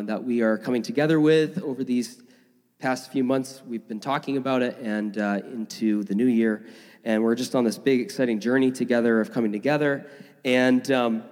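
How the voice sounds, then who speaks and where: A man preaching a sermon as a pastor, energetic and enthusiastic, with frequent fillers. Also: mid-range voice. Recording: long reverb of a large room.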